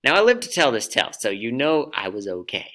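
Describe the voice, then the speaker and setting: Bright-voiced man telling a story. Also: mid-range voice, sing-song. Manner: reflective, dramatic pauses. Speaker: storyteller speaker. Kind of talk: personal storytelling talk.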